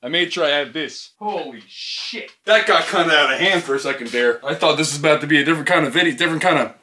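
A young man vlogging from his basement, talking in a rambling, profane, excitable way while sleep deprived and tired. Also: fairly high pitch, quick pace. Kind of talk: chaotic comedy vlog. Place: home basement.

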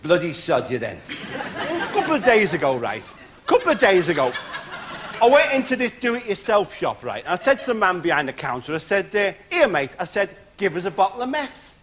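An actor playing a self-pitying middle-aged warm-up comedian, rambling through his patter in a TV sketch comedy. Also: high-pitched, huge pitch swings, a little fast, a faint crowd, slight background noise, heavily acted.

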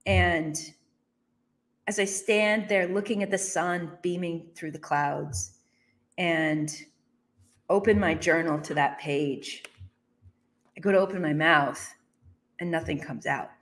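A woman's voice: lowish voice, slow pace, long pauses. A woman in her thirties or forties telling a personal business story as a motivational speaker, acting out her own reactions with laughs.

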